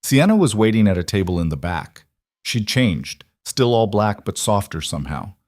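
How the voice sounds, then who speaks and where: A man reading a scripted dramatic story in a steady, even narrating manner. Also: fairly low pitch, moderate pace, no echo, clean studio sound.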